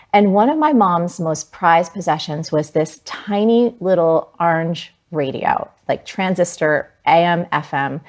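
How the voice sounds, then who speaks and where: Sitting low in pitch, this woman in her forties from New Jersey recounts something from her own life as an interview guest. She's lively and colorful, dropping "like" again and again.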